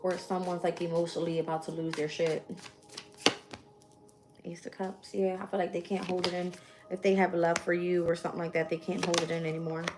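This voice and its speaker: Brisk and flat in delivery, a woman with a fairly low voice reads tarot on a casual live stream with background noise. She swears freely and speaks bluntly, shuffling, thinking out loud, and naming every card drawn.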